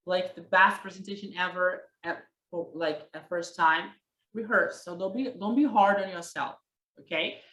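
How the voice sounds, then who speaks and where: A woman teaching presentation skills in a workshop, lively and talking straight to her listeners while she acts out examples. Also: mid-range voice. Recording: echoey room.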